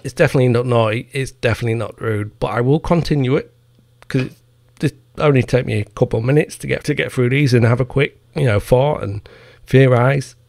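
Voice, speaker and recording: A man hosting his own podcast launches into a heated, profane rant, tossing in mocking asides as he goes. His gravelly voice sits at a middling pitch with a darkish tone, and he talks fairly quickly. The recording is dry and close-miked, with no room sound at all.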